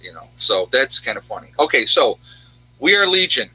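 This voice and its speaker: A man's voice: medium pitch, big pitch swings, normal speed, pushed and bright, slightly rough, rough recording. A man hosting a casual livestream, chatting with viewers and rambling through their home towns. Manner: rambling, reads out viewers' locations. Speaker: livestream host.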